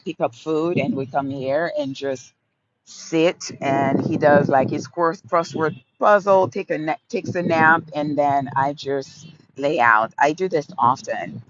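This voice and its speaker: A woman in her fifties from Haiti chats live with her viewers from a sunny park, calling them her loves. She speaks slowly and repeats her phrases fondly. The phone audio is dull and a little lo-fi. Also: low-pitched, a little hiss or hum. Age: 50s. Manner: affectionate, repeats phrases, greets viewers by name. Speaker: livestream host. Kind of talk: casual live chat answering viewers. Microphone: phone livestream.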